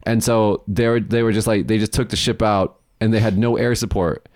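A man's voice: on the low side, steady tone, brisk, darkish tone, no room sound, studio quality. A man in his thirties who co-hosts a podcast, telling a long story with plenty of swearing and laughter. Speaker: podcast co-host. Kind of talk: casual storytelling chat.

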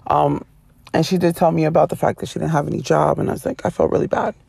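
A woman casually retelling a personal story to her viewers, rambling and animated with frequent self-corrections. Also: low-pitched, quick pace, gravelly, husky, no room sound.

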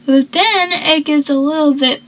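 A woman's voice: high-pitched, unhurried, a bit bright, low-quality recording. A woman chatting casually through a TV episode recap, full of "like"s and acting out the characters' lines. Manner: chatty, many "like"s, acts out quotes.

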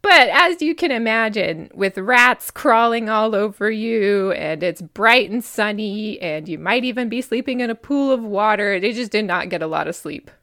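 A woman's voice: medium pitch, expressive, moderate pace, hardly any pauses, bright, forceful tone, dry recording, studio quality. An American woman co-hosting a podcast, chatting casually about history with many fillers and frequent laughs. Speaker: podcast co-host.

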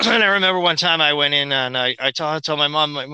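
A man's voice: a little high, fast, bright, forceful tone, clean tone, no room sound. A man in casual conversation as a guest, rambling through stories and mocking quoted voices.

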